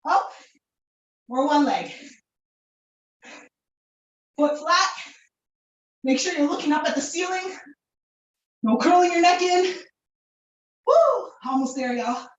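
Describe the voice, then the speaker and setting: A woman leading a live workout class, energetic and encouraging, laughing and whooping while out of breath. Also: high voice, slow, long pauses, far from the mic, dull audio. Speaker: fitness instructor. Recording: echoey room, voice from off-mic.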